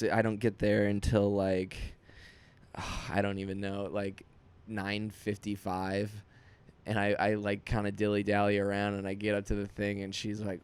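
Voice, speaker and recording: A man's voice: on the low side, monotone, measured pace, darkish tone, clean tone. A young man, a comedian hosting his podcast, telling a rambling, self-deprecating story in casual chat with many restarts.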